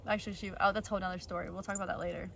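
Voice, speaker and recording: A woman's voice: medium pitch, little pitch movement, rapid-fire, gravelly, fairly bright tone, recorded from a distance, a little hiss or hum, rough recording. A young woman vlogger telling a personal story in a rambling, blunt way, full of fillers and the odd swear. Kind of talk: casual storytelling.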